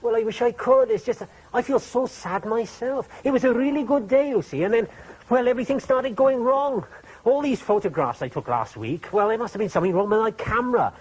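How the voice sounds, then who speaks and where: A man's voice: extremely high pitch, lively intonation, a little fast, slightly rough, full character voice, low-quality recording. A man voicing a fussy, anxious male fox photographer in a children's TV puppet play, who stammers when flustered.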